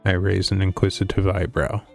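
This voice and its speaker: Deep gravelly male streamer. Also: monotone, normal speed. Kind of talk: reading a visual novel aloud. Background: faint game music.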